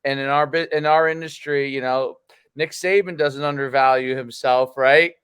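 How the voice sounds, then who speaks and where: A man's voice: mid-range voice, steady tone, normal speed, fairly bright tone, clear, resonant tone, no echo. Emphatic man hosting a podcast. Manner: encouraging, emphatic, repeats himself. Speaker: host and coach. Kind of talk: podcast interview.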